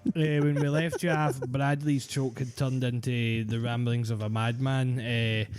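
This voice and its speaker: A Scottish man hosting a podcast in casual chat, jokey and quick to laugh as he steers segments. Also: mid-range voice, flat delivery, darkish tone, smooth, faint music behind. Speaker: podcast host.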